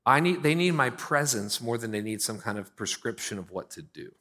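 A middle-aged male pastor preaching a sermon in a conversational way, with strong swings between loud and quiet. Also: medium pitch, lively intonation, brisk.

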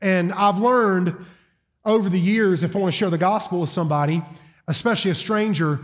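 Folksy Southern preacher, high voice. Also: male voice, fairly quick. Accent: Southern American. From South Carolina. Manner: folksy, joking storyteller. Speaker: guest preacher. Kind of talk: sermon. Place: church auditorium.

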